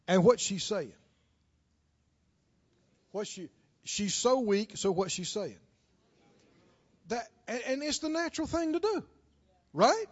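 A man preaching a sermon, telling a story and driving his points home with drawn-out, impassioned emphasis. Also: very high voice. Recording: dull, dry lo-fi recording.

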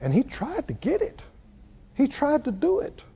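A man preaching a sermon in a folksy, animated way, asking the congregation questions as he goes. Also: extremely high pitch, normal speed, vocal fry. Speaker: pastor. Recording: dull lo-fi recording.

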